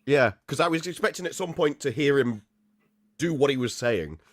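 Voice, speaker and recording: An Englishman talks in a casual podcast chat, his pitch rising and falling freely. He jokes dryly and laughs often. The sound is close and dry. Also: animated, moderate pace, dry recording. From England.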